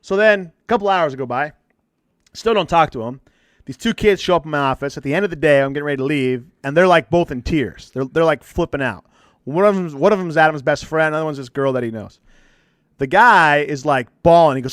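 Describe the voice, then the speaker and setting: A man's voice: fairly high pitch, a little fast, no echo, clean studio sound. A man who works as a counselor, telling a story in casual podcast chat, acting out what people said and cursing lightly. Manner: animated, acts out quotes, swears lightly. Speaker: addictions and mental health counselor.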